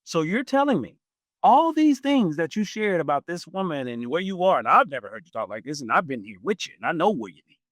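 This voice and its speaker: A man in his forties hosting a podcast, telling a personal story in a casual, animated way and laughing often. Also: a little fast, no echo, studio quality. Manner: animated, acts out quoted voices with big pitch jumps. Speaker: podcast host.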